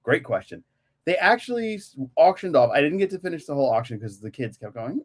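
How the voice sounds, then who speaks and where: A chatty, enthusiastic man from Germany, co-hosting a podcast in casual conversation. His pitch moves a lot, rising and falling as he talks. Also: sing-song, fast. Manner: enthusiastic, chatty, repeats catchphrases. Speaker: podcast co-host. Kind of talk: casual chat.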